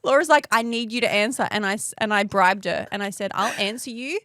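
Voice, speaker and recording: A woman's voice: medium pitch, brisk, bright, forceful tone, dry recording, clean studio sound. A woman co-hosting a podcast in casual chat, blunt and teasing, often laughing. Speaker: podcast co-host.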